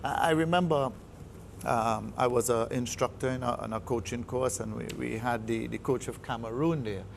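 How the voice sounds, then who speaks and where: Trinidadian man, football coach, gravelly voice, emphatic and repetitive in a studio interview. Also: medium pitch, steady tone, moderate pace, slight background noise. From Trinidad and Tobago. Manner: emphatic, repeats words heavily while building a point.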